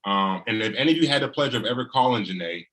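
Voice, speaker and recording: A man's voice: medium pitch, animated, racing, fairly bright tone. A man on a video call giving a tribute speech about his wife, earnest and folksy, often adding "you know".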